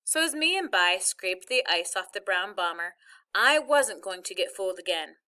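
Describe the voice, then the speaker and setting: A woman's voice: mid-range voice, expressive, normal speed, pushed and bright, clear, resonant tone. A woman reading a first-person novel chapter aloud as narrator. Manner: plain storytelling.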